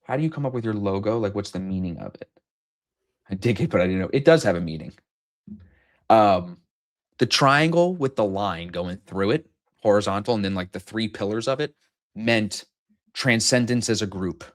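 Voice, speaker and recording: A man in his thirties hosts a live trading stream in loose, rambling banter. His voice sits low, and he jokes and swears freely as he talks. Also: animated, normal speed, pauses often.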